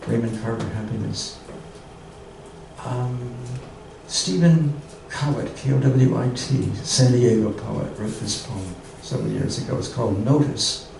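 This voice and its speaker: Older male poet with a gravelly voice, reading verse slowly to a room, far from the mic, with background noise. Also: mid-range voice, a little mellow, heavy reverb. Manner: slow, measured reading, repeating each haiku twice. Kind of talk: poetry reading and talk to a group. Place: arts center room with an audience.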